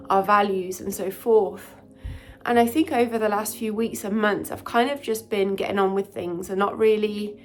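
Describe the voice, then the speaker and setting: A woman, a doctor vlogging in a soft, candid, introspective way. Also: mid-range voice. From United Kingdom. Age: 40s. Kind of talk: reflective vlog talk to camera.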